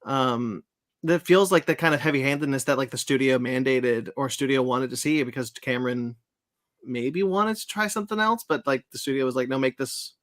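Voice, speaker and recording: A man's voice: mid-range voice, a little fast, a bit bright, no echo. A man hosting a podcast, talking loosely about a film with many hesitant fillers. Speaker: podcast host. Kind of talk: casual film discussion.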